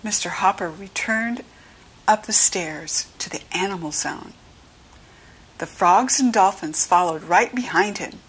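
An American woman reading a children's storybook aloud slowly and clearly for young listeners. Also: slight background noise. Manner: slow, clear teaching read-aloud, brighter pitch for quoted children. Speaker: children's book reader. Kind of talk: read-along storybook narration.

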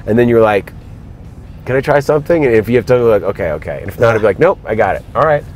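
A man telling animated stories as a guest in a moving car, acting out quotes in other voices. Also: mid-range voice, quick pace, soft background music. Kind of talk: casual storytelling in a car.

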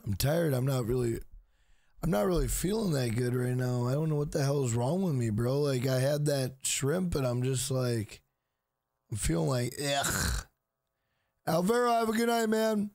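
A man's voice: mid-range voice, animated, normal speed, a little mellow, no room sound, clean studio sound. A man streaming a video game, chatting casually with viewers in a profane, tired, drawling manner. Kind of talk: casual live-stream commentary.

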